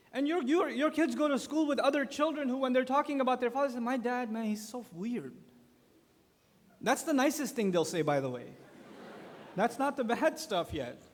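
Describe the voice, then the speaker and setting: A man speaking at a youth conference, giving a religious lecture with animated storytelling and acted-out quotes. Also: very high-pitched, a little fast. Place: large conference hall. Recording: long echo of a large conference hall.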